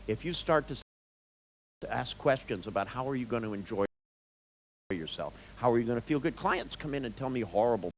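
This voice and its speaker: Animated male therapist telling a story. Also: medium pitch, a little hiss or hum, rough recording. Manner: animated storyteller who acts out scenes and dialogue; halting, with frequent restarts. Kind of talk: storytelling talk.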